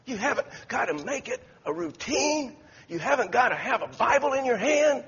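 With an extremely high pitch and big pitch swings, a pastor preaches at a moderate pace in a fairly bright tone, with a little hiss or hum audible. His sermon in the church sanctuary features folksy stories and many restarts, recorded dull and lo-fi in an echoey hall.

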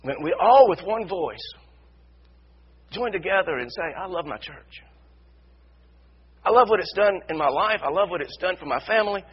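Guy preaching a sermon, slightly high husky voice, keeps repeating lines and gets loud, muffled sound. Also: animated, normal speed, long pauses. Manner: repetitive, builds to shouted emphasis. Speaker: pastor. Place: church sanctuary.

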